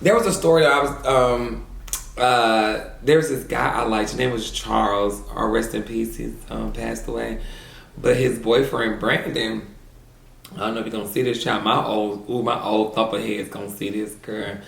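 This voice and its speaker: A man's voice: fairly low pitch, fairly even intonation, moderate pace, vocal fry, fairly bright tone, echoey room. A man vlogging at home, telling crude stories in a sassy, casual way and calling the audience "girl". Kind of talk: casual storytelling mukbang chat.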